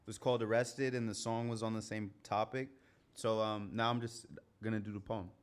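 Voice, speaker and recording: A man performing a confessional spoken-word poem at an open mic, in a measured delivery. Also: on the low side, little pitch movement. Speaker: performing poet. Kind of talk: spoken-word poetry recital. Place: community center stage.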